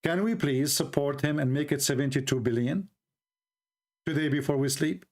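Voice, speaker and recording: A man's voice: a little high, moderate pace, darkish tone. A middle-aged man from the Middle East with a Middle Eastern accent, delivering a mocking, sarcastic livestream monologue in broken English. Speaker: show host.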